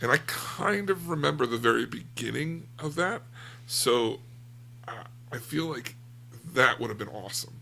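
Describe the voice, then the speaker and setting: Gravelly, bright-voiced man chatting. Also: medium pitch, lively intonation, moderate pace. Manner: rambling, self-deprecating. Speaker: podcast co-host. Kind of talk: casual book discussion.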